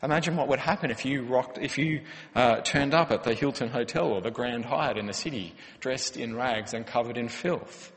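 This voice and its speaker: A man's voice: medium pitch, moderate pace, hardly any pauses. A man, a pastor preaching a sermon in an earnest, conversational way with rhetorical questions. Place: church hall. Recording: long church-hall reverb.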